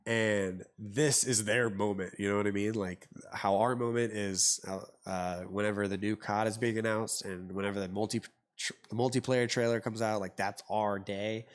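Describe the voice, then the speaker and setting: A man's voice: lowish voice, fairly even intonation, moderate pace. A man hosting a podcast, talking in a loose, rambling way with lots of fillers, restarts and some swearing. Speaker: podcast host. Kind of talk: casual chat.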